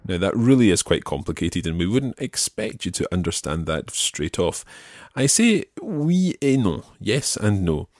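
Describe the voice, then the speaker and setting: A man hosting a language lesson, repeating model phrases slowly and explaining them patiently. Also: low voice, big pitch swings, darkish tone, dry recording, clean studio sound. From Scotland. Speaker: language teacher and podcast host.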